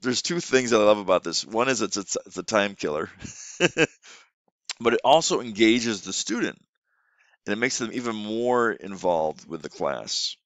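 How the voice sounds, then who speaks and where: A man's voice: lowish voice, animated, normal speed, fairly bright tone, dry recording. A man, an online English teacher, explaining classroom tips in a casual way with frequent restarts. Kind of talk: instructional teaching tips video.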